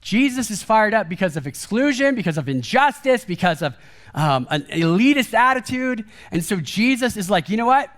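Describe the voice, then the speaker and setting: Male guest preacher, high-pitched voice, casual and chatty delivery at a church service. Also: moderate pace. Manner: casual and chatty, peppered with "like" and "kind of"; animated, acts out quoted speech with a raised voice. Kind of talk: conversational sermon.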